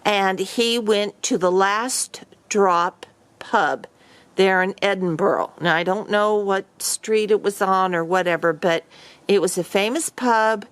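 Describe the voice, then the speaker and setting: A woman's voice: mid-range voice, fairly bright tone, no room sound. A woman vlogger casually telling a story to camera, rambling with many fillers and restarts.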